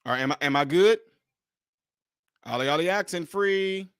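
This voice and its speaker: A man's voice: on the high side, moderate pace, a bit bright, clean tone, no echo, studio quality. A man hosting a casual livestream, talking straight to his viewers, repeating his points emphatically. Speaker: livestream host.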